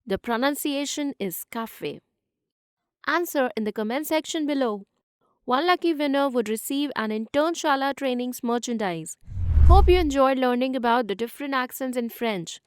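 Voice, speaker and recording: A woman reading a scripted quiz question and channel outro for an online lesson video in an even, promotional tone. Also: sits high, moderate pace, clear, resonant tone, no echo. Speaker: channel presenter.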